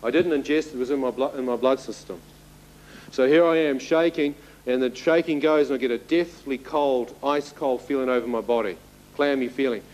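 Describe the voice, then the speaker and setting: A man's voice: mid-range voice, brisk, a little mellow, low-quality recording. A man in his thirties giving a spoken testimony to an audience, telling his story vividly and turning to the listeners with asides. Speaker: testimony speaker.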